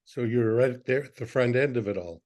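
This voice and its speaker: A man's voice: mid-range voice, brisk, darkish tone. A man hosting an interview, asking layered follow-up questions in a conversational way. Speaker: interview host.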